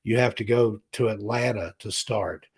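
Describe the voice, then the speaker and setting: A man in his fifties from the American South hosts a relaxed live stream and drifts between stories and greetings to viewers. His voice is low and gravelly with a husky edge. He talks in a rambling, heartfelt way. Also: moderate pace. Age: 50s. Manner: rambling, heartfelt, reads chat names aloud. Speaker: host. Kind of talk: casual live-stream chat.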